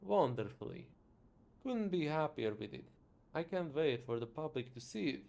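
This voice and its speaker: A man's voice: a little high, very animated, normal speed, creaky, a little mellow. A man voicing a pompous, greedy factory owner who looks down on his workers and speaks with haughty indignation.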